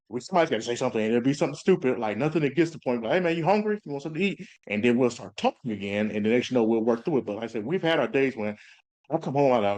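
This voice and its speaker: A man in his thirties, a police officer as interview guest, telling candid stories and acting out quotes. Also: medium pitch. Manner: animated storytelling, acts out quotes. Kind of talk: casual interview talk.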